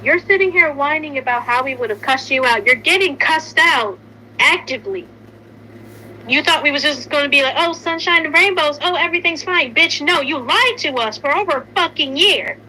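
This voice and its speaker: High, bright-voiced young woman ranting. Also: expressive, normal speed, slight background noise, rough recording. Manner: angry, swears a lot, rants. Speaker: commentator. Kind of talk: heated casual commentary.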